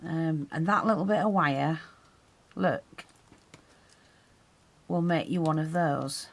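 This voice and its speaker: A woman's voice: low voice, slow pace, creaky. A woman teaching a hands-on craft tutorial, chatting and explaining as she works, her breathing audible while she concentrates.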